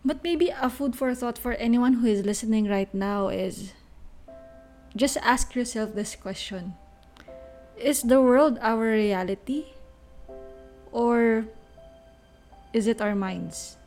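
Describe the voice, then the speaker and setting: Young woman hosting a solo podcast, kinda high but soft mellow voice, thinks out loud, slow and easy. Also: faint music behind. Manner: thoughtful, unhurried, with small restarts. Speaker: podcast host. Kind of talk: solo reflective podcast talk.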